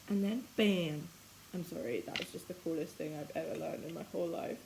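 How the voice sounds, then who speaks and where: A giggly young British woman talks her way through a home cooking vlog, her pitch bouncing all over the place as she rambles. Clear background noise sits under the home recording. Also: expressive, moderate pace. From Britain. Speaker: vlogger. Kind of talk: casual cooking vlog chat. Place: home kitchen.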